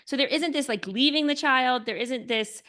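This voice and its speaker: Woman, podcast guest, earnest, chatty fillers, slightly high voice. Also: normal speed. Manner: earnest, lots of fillers, drops to a soft hush for calm. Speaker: author and guest. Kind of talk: podcast interview.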